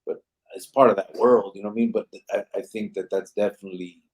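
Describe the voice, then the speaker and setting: A man's voice: on the low side, steady tone, fast, darkish tone. A man hosting a podcast in casual chat, talking in a laid-back way and often adding "you know what I mean". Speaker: podcast host.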